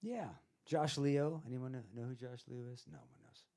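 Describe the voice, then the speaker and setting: A man's voice: medium pitch, moderate pace, a little mellow. A man who is a singer-songwriter, telling rambling anecdotes on stage between songs, chuckling as he goes. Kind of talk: casual storytelling on stage.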